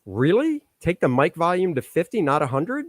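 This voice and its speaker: A man's voice: a little high, very animated, normal speed, dry recording, clean studio sound. A man hosting a live stream as a comic artist, chatting casually and muttering jokes while he fiddles with his microphone settings. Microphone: microphone on a stand.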